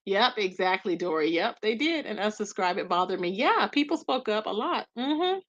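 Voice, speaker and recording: A woman hosting a live stream who reads viewers' chat aloud and gives gossip commentary in an animated, expressive way, laughing often and talking straight to her audience. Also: mid-range voice, moderate pace, highs cut off.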